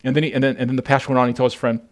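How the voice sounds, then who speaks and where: A middle-aged man preaching a sermon as pastor. He often restarts his words and swings between loud emphasis and soft, low passages. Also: level tone, very fast.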